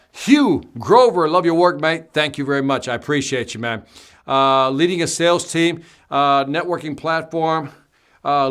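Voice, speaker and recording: A man's voice: medium pitch, a bit bright. A man hosting a live stream, reading viewer comments aloud and answering them in a chatty, upbeat way.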